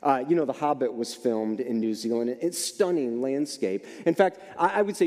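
A man's voice: mid-range voice, lively intonation, moderate pace, a little mellow. A man in his fifties, a pastor preaching a sermon in a church in a chatty, joking way full of asides. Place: church sanctuary. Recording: long hall reverb.

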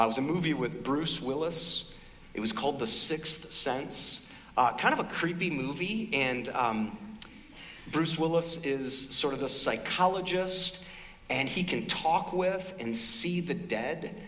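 Animated pastor in a reverberant hall. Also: male voice, fairly high pitch. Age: middle-aged. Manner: conversational, animated storytelling. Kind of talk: sermon.

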